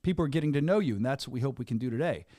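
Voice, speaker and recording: A man's voice: medium pitch, lively intonation, racing, dark tone, no room sound. A male podcast host and event announcer, chatting energetically in a rambling hype-man way as he interviews a guest. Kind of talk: casual interview chat.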